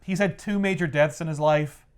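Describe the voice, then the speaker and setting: A man's voice: fairly high pitch, moderate pace, clean tone. A man in casual chat, retelling a comic story and acting out the characters' lines. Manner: animated, acts out characters' lines with voices. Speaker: podcast co-host recapping a comic.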